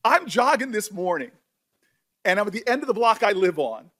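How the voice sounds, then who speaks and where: A senator speaking emotionally at a hearing, halting and repeating his words. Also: high voice, very animated, a bit bright.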